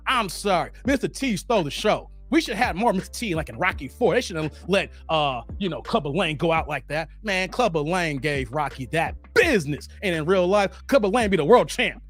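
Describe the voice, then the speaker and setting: Animated high-voiced man hosting a stream. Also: fairly quick, hardly any pauses, faint music behind. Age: around 40. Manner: animated, slangy, laughs often, chats with the chat. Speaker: livestream host. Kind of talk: casual livestream chat reading viewer comments.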